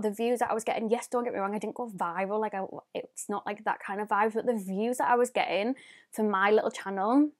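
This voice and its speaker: A woman, chatting casually and rambling as a beauty vlogger showing off her presents. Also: medium pitch. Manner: chatty, rambling, lots of "like" fillers. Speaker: beauty YouTuber. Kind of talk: casual unboxing vlog.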